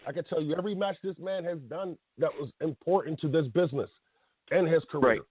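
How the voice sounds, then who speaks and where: A man's voice: a little high, a little fast, husky, no room sound. A man in his late thirties hosting a casual talk radio show, ranting bluntly and passionately with slang. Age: 30s. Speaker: podcast host. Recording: tinny phone-like sound.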